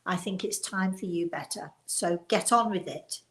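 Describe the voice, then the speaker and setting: An older woman hosting a live show as a psychic medium, talking in a chatty, encouraging and self-deprecating way with a hoarse voice that is still recovering. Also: lowish voice, normal speed, a bit bright, rough recording. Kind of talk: live online call-in talk.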